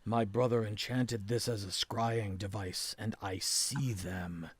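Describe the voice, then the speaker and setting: A man voicing a troubled hermit who speaks in a halting, hushed way, with a lower voice than his own. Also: fairly even intonation, breathy edge, no echo. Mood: hushed, solemn.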